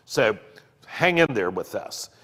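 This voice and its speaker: Slow, lively-voiced man with reverb. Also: on the low side, husky. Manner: earnest, expressive, slips into fillers when explaining. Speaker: podcast co-host discussing a book. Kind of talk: reading passages aloud with commentary. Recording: long reverb on the voice.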